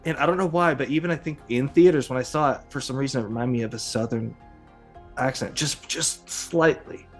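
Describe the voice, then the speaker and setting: Male podcast host, casual chat, rambling, filler-heavy, middle pitch. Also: fairly quick, soft background music.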